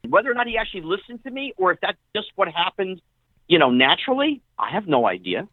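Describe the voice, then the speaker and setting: A middle-aged man, a guest on an interview show, telling casual stories in an animated way and acting out what other people said. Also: high voice, quick pace, dry recording. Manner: animated storyteller who acts out quoted dialogue. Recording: tinny phone-line audio, dry.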